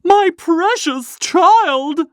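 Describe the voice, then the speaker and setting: A woman's voice: very high voice, animated, extremely slow, no room sound, clean studio sound, pitched above the performer's own voice, exaggerated voice. A narrator voicing a frantic mother who cries and shrieks pleas in an audiobook story. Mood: hysterical. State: crying. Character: frantic mother of a trapped little girl. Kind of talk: audiobook character voice.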